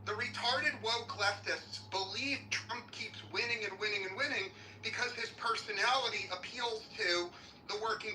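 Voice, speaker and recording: A man's voice: high-pitched, pushed and bright, roomy sound, recorded from a distance, rough recording. A man speaking in a live audio chat room, blunt, profane and combative in debate. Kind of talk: heated debate talk.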